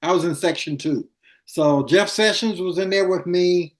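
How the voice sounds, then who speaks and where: A man's voice: sits high, normal speed. An older man, a former attorney, reminiscing in a casual interview and acting out quoted lines in his anecdotes.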